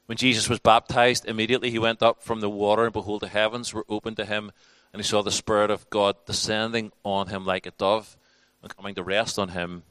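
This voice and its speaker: A man's voice: on the low side, little pitch movement, brisk, hardly any pauses, fairly bright tone, no room sound. A man teaching a church class in a conversational, informal sermon style, with frequent restarts and acted-out quotes.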